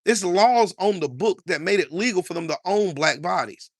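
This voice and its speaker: A man's voice: high-pitched, lively intonation, moderate pace, no echo, studio quality. Angry, profane man ranting. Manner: angry, profane, repetitive rant. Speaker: political commentator. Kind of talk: heated political commentary.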